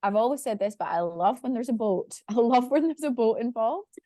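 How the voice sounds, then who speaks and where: A woman's voice: fairly high pitch, brisk, warm tone, no echo, clean studio sound. A woman co-hosting a casual reality-TV podcast, chatty and laughing, swearing now and then. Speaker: podcast co-host. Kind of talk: casual chat.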